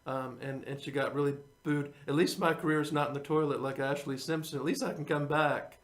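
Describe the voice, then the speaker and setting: A man's voice: on the high side, fairly even intonation, brisk. A man, a singer-songwriter hosting his own show, rambling in casual chat to viewers and chuckling often.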